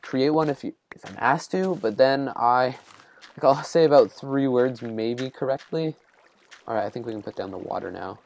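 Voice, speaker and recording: A man's voice: mid-range voice, darkish tone, slight background noise. A man giving casual let's-play commentary, rambling and self-deprecating as he thinks aloud while building. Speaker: gameplay commentator.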